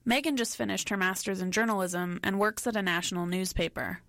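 A woman hosting a documentary, giving scripted narration in a measured, reflective way. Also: mid-range voice, a bit bright, no echo, studio quality. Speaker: documentary host.

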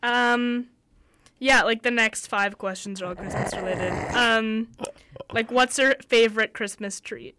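A young woman co-hosting a casual chat podcast, soft-spoken and full of filler likes. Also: on the high side, steady tone, unhurried, slight background noise. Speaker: podcast co-host.

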